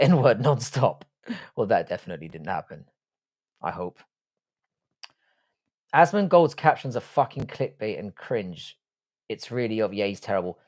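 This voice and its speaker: A man's voice: mid-range voice, a little mellow. An Irish man hosting a live stream, chatting casually and reading out viewer comments, blunt and swearing freely with a self-deprecating edge. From Ireland. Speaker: livestream host.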